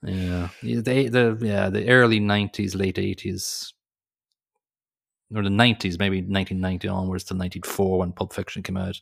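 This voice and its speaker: A deep, gravelly male voice with a level tone and moderate pace belongs to a movie podcast co-host. He chats casually, rambling and joking while constantly correcting himself.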